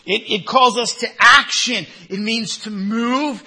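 A male pastor preaching a sermon, emphatic, with repeated rhetorical questions and loud one-word commands. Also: very high-pitched, slow, few pauses, slightly rough.

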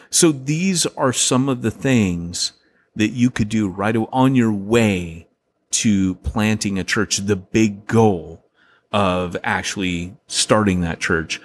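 A man co-hosting a casual podcast, rambling through points and acting out quotes with lots of laughs. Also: fairly low pitch. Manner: animated storyteller, acts out quotes, laughs often; rambling, many restarts and fillers. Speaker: podcast co-host.

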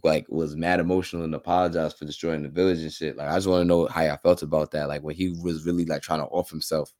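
A man's voice: extremely low pitch, little pitch movement, fast, darkish tone, dry recording, studio quality. A young man co-hosting a casual podcast, slangy and asking his friends what they thought. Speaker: podcast co-host. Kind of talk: casual chat about an anime.

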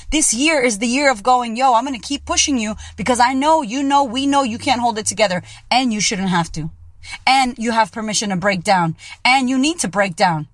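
A woman's voice: fairly high pitch, dry recording, clean studio sound. A woman podcast host and coach giving a blunt, profane motivational monologue. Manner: blunt and profane, keeps it real.

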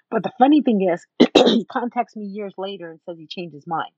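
A woman's voice: medium pitch, brisk, husky, dry recording, dull audio. A woman guest in an interview, telling her own story emphatically and acting out what others said to her. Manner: emphatic, animated, acts out other people's words.

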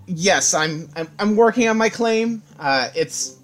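A man playing a tabletop game, speaking politely in halting bits with many restarts. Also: sits high, animated, a bit bright, faint music behind. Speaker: player.

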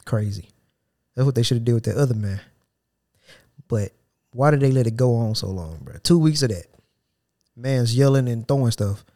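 Pausing often at a moderate pace, this mid-range-voiced podcast co-host walks through a work story in casual chat, giving the quotes animated, acted-out voices.

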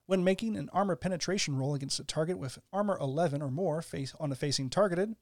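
A man's voice: a little high, fast, dry recording, studio quality. A man co-hosting a casual podcast, reading game rules aloud with asides and laughing easily. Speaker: podcast co-host.

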